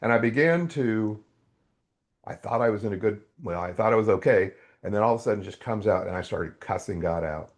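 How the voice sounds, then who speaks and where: A man's voice: lowish voice, animated, a little fast. A middle-aged man, a podcast guest, telling his faith story in a raw, candid way and acting out his own past outbursts. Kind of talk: candid testimony in an interview.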